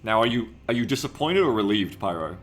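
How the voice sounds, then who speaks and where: A man's voice: lowish voice, big pitch swings, fairly quick, faint music behind. A man streaming a game, talking loosely and chattily, swearing and reading out chat messages. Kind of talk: casual livestream commentary.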